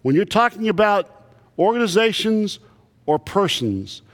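A man's voice: high-pitched, sing-song, unhurried. A man preaching a sermon to a congregation, telling folksy, humorous stories. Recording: long reverb of a big hall.

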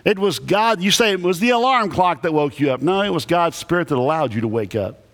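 A man who is a Baptist pastor, preaching a sermon with emphatic, animated delivery and lots of repetition. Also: a little high, a little fast. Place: church sanctuary. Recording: echoey church hall.

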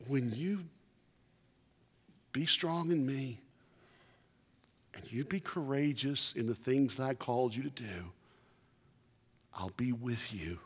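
A man acting as a calm, gentle divine voice, hushed and low in volume, speaking slowly with quiet assurance. The soft words hang in a long church reverb. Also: breathy edge. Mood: reassuring. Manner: hushed, slow, reassuring. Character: God, calm and reassuring divine voice.

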